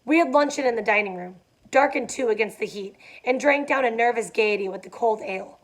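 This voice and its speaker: Young woman, higher voice, reads a novel aloud with casual commentary. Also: a little fast. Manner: casual asides with fillers. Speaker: reader.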